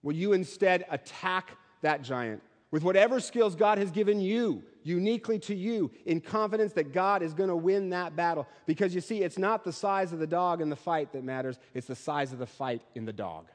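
A man's voice: high voice, normal speed, hardly any pauses. A male pastor preaching a Christmas sermon with rhythmic, building repetition. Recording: long hall reverb.

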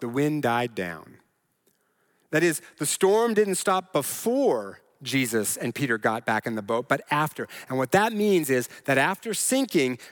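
A man's voice: fairly high pitch, fairly bright tone. A male pastor delivering a sermon in an earnest preaching manner that builds to emphatic repetition.

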